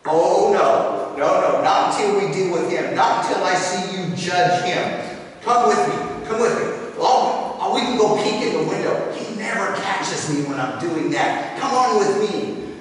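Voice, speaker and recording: A man acting out a self-righteous brother who gossips loudly about his sibling's sins. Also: a little high, big pitch swings, unhurried. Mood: eager, scornful. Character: smug, gossiping judgmental middle brother. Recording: echoey hall from far off.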